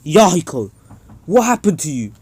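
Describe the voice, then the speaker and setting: Young man doing an old ninja mentor, loud, insistent, higher pitch, fan story. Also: big pitch swings, moderate pace, husky. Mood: alarmed.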